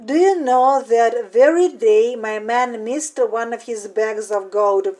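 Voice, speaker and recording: A woman voicing the tall wife of an ogre, a stern but curious giantess giving sharp warnings. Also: on the high side, slow.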